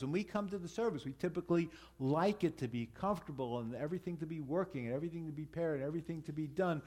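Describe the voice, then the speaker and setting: A man with a slightly higher-pitched voice preaches to his congregation in an easy, conversational way. He pauses, restarts his phrases, and speaks directly to the people in front of him. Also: a little mellow. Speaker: congregation leader. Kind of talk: sermon.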